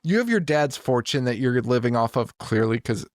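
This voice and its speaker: A man's voice: medium pitch, big pitch swings, normal speed, no echo, clean studio sound. A young man co-hosting a casual horror podcast, joking and swearing, often laughing. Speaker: podcast co-host. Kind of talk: casual chat.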